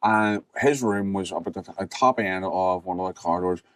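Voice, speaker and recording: A man's voice: sits low, fairly quick, fairly bright tone, dry recording. A middle-aged man, chatting casually and telling school stories with a laugh. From Northern Ireland. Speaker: podcast host. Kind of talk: casual chat.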